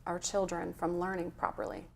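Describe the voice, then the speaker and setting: A woman's voice: lowish voice, completely flat delivery, normal speed, vocal fry, a little mellow. Woman health coach chatting in an interview, earnest storyteller, gets a bit emotional. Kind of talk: conversational interview.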